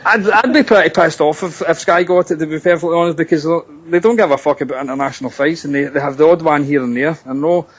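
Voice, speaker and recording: A man's voice: on the high side, quick pace, hardly any pauses, husky, lo-fi sound. A man calling in to a podcast, swearing bluntly and laughing often in casual banter. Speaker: guest caller.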